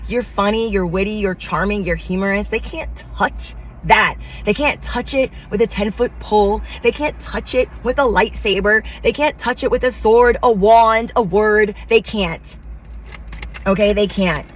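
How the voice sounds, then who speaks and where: A woman's voice: medium pitch, a little slow, a little hiss or hum, poor audio. A woman giving a channeled tarot reading, talking in emphatic, repetitive affirmations with casual slang. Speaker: tarot reader.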